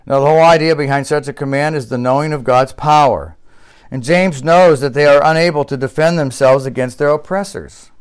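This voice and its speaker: A man's voice: fairly high pitch, fairly quick, clean tone. A man preaching a sermon to his congregation, asking rhetorical questions and building to emphatic, raised passages. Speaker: pastor.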